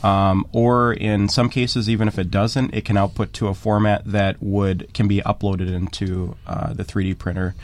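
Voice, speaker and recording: A man on a radio talk show, explaining at length and stumbling over his words. His voice sits on the low side for a man. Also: level tone. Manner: halting, many fillers and restarts. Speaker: guest. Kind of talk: radio interview.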